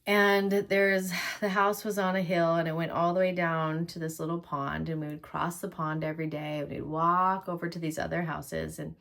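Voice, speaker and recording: A woman vlogger telling personal stories in a heartfelt, reflective way, sometimes dropping to a hushed near-whisper. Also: sits low. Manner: drops to a hushed near-whisper at tense moments. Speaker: vlogger, workshop host. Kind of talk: personal storytelling vlog.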